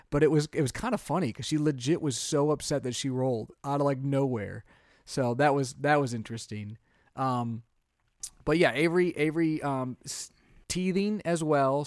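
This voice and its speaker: A man in his thirties, a podcast co-host and father, chatting casually and telling animated stories. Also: medium pitch, no room sound, studio quality. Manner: chatty, animated storytelling with quoted voices. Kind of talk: casual chat.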